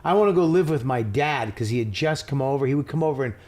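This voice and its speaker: A man's voice: medium pitch, fast talker. A man guesting on a podcast, telling childhood stories bluntly and profanely in casual chat. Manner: blunt, profane, animated storytelling.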